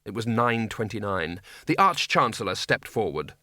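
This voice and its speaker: Casting: male audiobook narrator, bright and lively, dry close sound. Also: fairly low pitch, normal speed, dry recording. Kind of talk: scripted narration.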